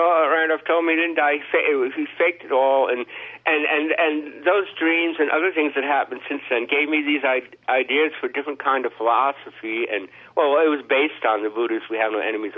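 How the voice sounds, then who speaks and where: A man telling a long rambling story in a casual chat, halting with many restarts and fillers. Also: fairly high pitch. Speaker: podcast host. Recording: tinny phone line.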